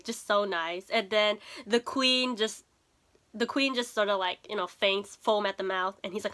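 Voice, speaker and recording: A chatty young woman with a bright, fairly high voice recaps an anime episode. Her talk is casual and loose, full of fillers and quick laughs. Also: animated. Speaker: anime reaction vlogger.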